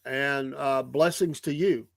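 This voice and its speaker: A man's voice: mid-range voice, fairly even intonation, slow, vocal fry, a bit bright, dry recording. A man in his sixties co-hosting a casual chat show, ribbing his partner in an easygoing way. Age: 60s. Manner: teasing, easygoing. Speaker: show co-host.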